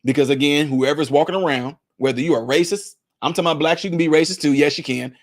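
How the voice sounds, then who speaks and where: A man's voice: a little high, fast. A man giving emphatic, preachy spoken commentary, repeating his points to hammer them home. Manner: acts out what others say in put-on voices. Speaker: commentary vlogger.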